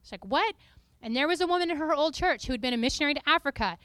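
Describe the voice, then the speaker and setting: A woman preacher giving a lively, playful teaching talk to a congregation, often breaking into sung and spoken snippets. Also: high-pitched, racing, dry recording, studio quality.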